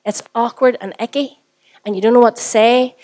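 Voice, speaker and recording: Northern Irish woman pastor, slightly higher voice, chatty preaching style that keeps checking in with the room. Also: steady tone, normal speed, warm tone. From Northern Ireland. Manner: conversational, with frequent rhetorical questions to the congregation. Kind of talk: sermon.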